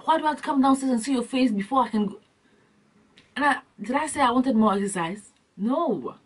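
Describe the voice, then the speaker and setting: A young adult woman vlogging, telling comic stories in an animated, slangy way and acting out scenes. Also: high-pitched, brisk, breathy edge. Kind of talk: comic storytelling vlog. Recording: distant from the mic.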